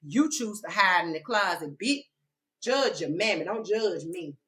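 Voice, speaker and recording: Sassy preaching woman with a bright voice. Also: fairly low pitch, lively intonation, a little slow, rough recording. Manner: sassy, confrontational, slangy and direct. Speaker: self-described spiritual teacher. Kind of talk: preachy spiritual vlog monologue.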